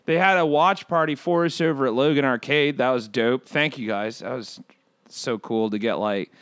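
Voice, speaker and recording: A man playing a brash, excitable bird who hosts a comedy podcast, rambling through profane, pun-filled stories. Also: medium pitch, normal speed, clean tone, dry recording, natural voice. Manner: rambling, profane, punning, riffs on asides. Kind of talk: comedic character monologue.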